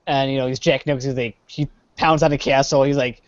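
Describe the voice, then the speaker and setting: A man's voice: medium pitch, steady tone, quick pace, no room sound. A man co-hosting a casual live-streamed chat, rambling with lots of fillers. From Chicago area. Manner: rambling, trails off with many uh fillers. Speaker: podcast co-host. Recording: dull lo-fi live stream audio.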